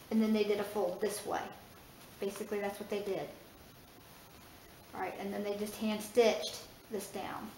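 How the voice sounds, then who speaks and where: A woman's voice: fairly high pitch, slight background noise. A middle-aged woman talks her way through a house under renovation, casual and conversational. She thinks aloud with fillers and small restarts as she goes. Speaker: homesteading vlogger. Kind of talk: casual home tour narration. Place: house under remodel, indoors.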